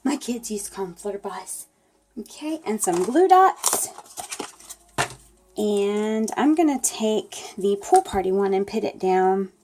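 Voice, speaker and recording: A middle-aged woman walks viewers through a paper craft at her table. She talks in a chatty, folksy way, and her voice sounds soft and mellow. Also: medium pitch, slight background noise. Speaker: craft demonstrator. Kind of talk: casual crafting tutorial.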